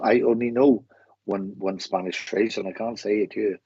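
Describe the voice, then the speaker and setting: A Welsh man with a husky, slightly muffled voice, sounding dry and close to the mic. He gives live readings with halting speech, repeating words and restarting his sentences. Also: fairly low pitch, steady tone, warm tone, dry recording. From Wales. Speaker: medium giving live readings. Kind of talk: live-stream readings to viewers.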